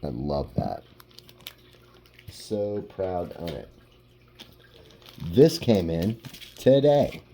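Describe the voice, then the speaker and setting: A man with a very dark, low voice hosting a casual collecting vlog. He talks slowly and unhurriedly. His speech rambles and is peppered with "like". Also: gravelly, a little hiss or hum. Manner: relaxed, rambling, lots of "like". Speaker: comic book collector.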